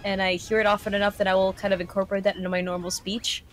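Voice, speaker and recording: A woman's voice: medium pitch, little pitch movement, racing, faint music behind. A young woman co-hosting a gaming stream, chatting casually with many ums and likes. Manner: filler-heavy, giggly, reads chat aloud. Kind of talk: casual chat while gaming.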